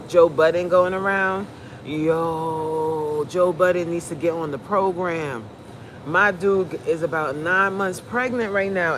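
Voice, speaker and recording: A woman's voice: on the low side, slight background noise. A fitness coach, a woman, giving a blunt, preachy, joking pep talk on a live stream.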